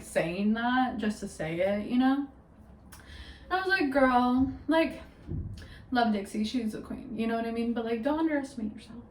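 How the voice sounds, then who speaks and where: A woman's voice: on the high side, a little mellow, roomy sound, recorded from a distance, a little hiss or hum, low-quality recording. A young woman vlogging at home, telling a story in a rambling, chatty way full of "like" and "literally". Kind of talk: casual storytime vlog.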